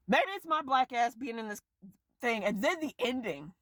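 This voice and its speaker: A woman vlogger ranting casually about a film, exasperated and profane, her voice leaping up and down in pitch. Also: normal speed, fairly bright tone, dry recording, studio quality. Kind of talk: casual rant to camera.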